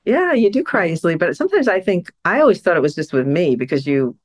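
A woman chatting as a podcast co-host, her pitch sitting a little low but swinging widely as she tells stories. She is emotional and laughs easily, her voice rising sharply when something moves her. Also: fast talker, no echo, studio quality. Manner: emotional, laughs often, animated storyteller. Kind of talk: casual chat.

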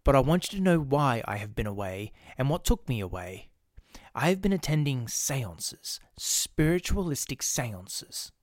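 A man reading the part of an obsessed male church organist, speaking in a hushed, urgent way that turns pettish. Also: medium pitch, sing-song, a little slow, no room sound, studio quality. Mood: confiding.

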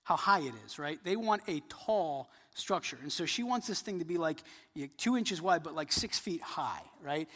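Man, pastor, sermon, fairly high voice, earnest, rising emphasis, long hall reverb. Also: animated, normal speed. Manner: earnest, builds emphasis then drops soft.

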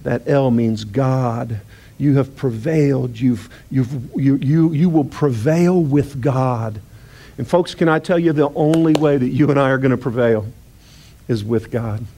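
A male pastor preaching a sermon, emphatic and repetitive, acting out Bible dialogue and rising toward near-shouts on key lines. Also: mid-range voice, measured pace, gravelly. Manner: acts out Bible dialogue in character voices.

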